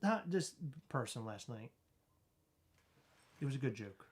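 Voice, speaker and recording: A man's voice: mid-range voice, sing-song, measured pace, very noisy. Joking man hosting a casual livestream. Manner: joking, rambling, self-deprecating. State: in back pain. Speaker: host.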